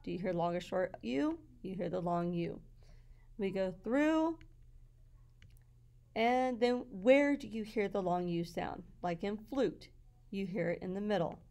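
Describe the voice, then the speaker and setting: A woman teacher goes through her classroom slides patiently, explaining as she goes and sounding out words slowly. Her voice is mid-range with a darkish tone.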